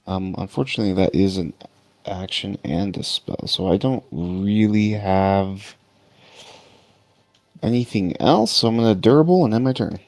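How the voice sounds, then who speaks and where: A man playing a tabletop game, slowly counting out his movement and ending his turn. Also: on the low side, a little mellow, dry recording. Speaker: player.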